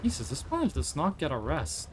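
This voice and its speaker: A live streamer commenting on a space exploration game, thinking out loud and swearing when startled. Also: medium pitch, wildly swooping pitch, a little fast, slight background noise.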